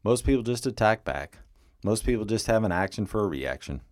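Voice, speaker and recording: A man's voice: lowish voice, animated, brisk, a little mellow, dry recording, studio quality. A man hosting a solo advice podcast, speaking earnestly and addressing the listener directly. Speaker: podcast host, relationship coach.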